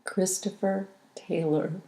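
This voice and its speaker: Slow, gravelly-voiced woman narrator. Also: fairly low pitch, fairly even intonation, warm tone. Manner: slow, intimate, reflective reading. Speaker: author reading her own book. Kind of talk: audiobook memoir narration.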